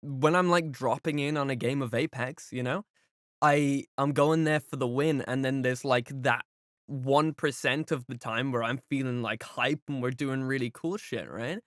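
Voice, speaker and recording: A man co-hosting a podcast in casual chat, telling stories in an animated way full of fillers. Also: medium pitch, normal speed, dry recording, clean studio sound. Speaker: podcast co-host.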